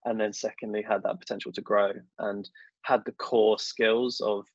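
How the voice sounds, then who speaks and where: Here the same kind of guest, a young man working in government affairs, spins self-deprecating stories full of fillers during a casual podcast interview. His low-leaning voice is flat and slightly rough at normal speed, and the dry recording sounds dull and lo-fi.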